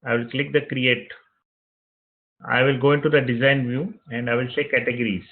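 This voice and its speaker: A man teaching web development, narrating each click of a screen-recorded software tutorial step by step and repeating phrases as he goes. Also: mid-range voice, level tone, moderate pace. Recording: tinny phone-like audio.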